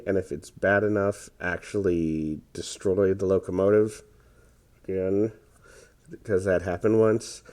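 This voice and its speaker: A man giving relaxed, rambling commentary over his own gameplay, tired and hesitant, with many fillers. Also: fairly low pitch. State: tired, yawning. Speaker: gaming commentator.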